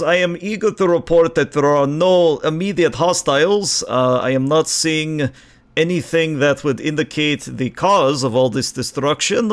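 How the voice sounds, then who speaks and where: A burly, bearded hologram science officer with a Slavic accent, as a man puts him on for a tabletop game. He reports formally, with small hesitations, pitched higher than the man's own voice.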